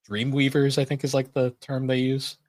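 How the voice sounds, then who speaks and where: A man's voice: mid-range voice, completely flat delivery, normal speed, darkish tone, no room sound. A man co-hosting a podcast in casual chat, rambling with many fillers and frequent laughs. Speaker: podcast co-host.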